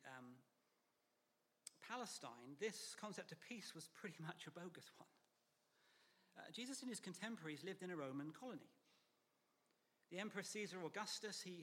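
Man preaching a sermon in a reverberant hall. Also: fairly high pitch. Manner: measured, emphatic, softening to near whispers. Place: church.

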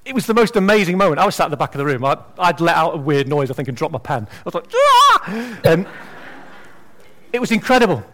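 A man preaching a sermon in an animated, conversational way with humorous asides. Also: a little high, fast.

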